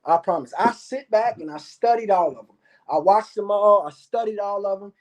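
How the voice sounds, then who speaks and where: A man's voice: high-pitched, moderate pace. Brash, swearing man hyping up his channel. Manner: boastful, repetitive, swears a lot. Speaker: YouTube commentator. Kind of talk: profane hyped-up monologue to viewers.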